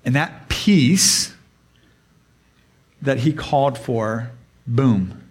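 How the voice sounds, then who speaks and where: A man's voice: medium pitch, breathy edge. A man preaching a sermon to a congregation in a conversational way, asking them questions and changing his pace for emphasis. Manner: conversational, asks the audience questions; varied pace, speeds up and slows for emphasis. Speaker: pastor.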